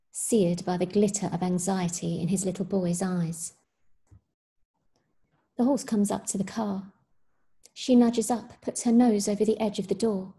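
A woman teacher reading a short story aloud in a measured, expressive way. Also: mid-range voice.

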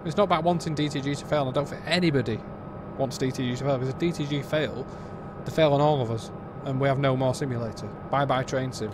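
A man's voice: medium pitch, quick pace, hardly any pauses, background noise. Blunt British man reviewing a game. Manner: blunt, exasperated, rambling with restarts. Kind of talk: casual review commentary.

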